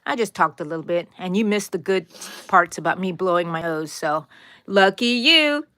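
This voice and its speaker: A woman's voice: on the low side, lively intonation, normal speed, pushed and bright, no room sound, studio quality. A woman hosting a crochet live stream, chatting playfully, laughing often and greeting viewers by name. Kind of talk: casual live-stream chat.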